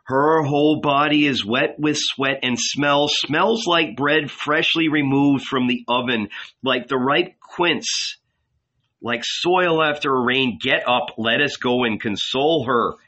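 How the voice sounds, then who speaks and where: A gentle consoling male angel, read by a man. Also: mid-range voice, slow, muffled recording. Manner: soothing, coaxing, quietly persuasive.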